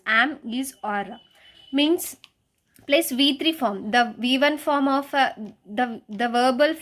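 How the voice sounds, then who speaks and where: A schoolteacher with a high, slightly bright voice walks her class through a grammar lesson step by step. She asks rhetorical questions and keeps restarting her phrases hesitantly.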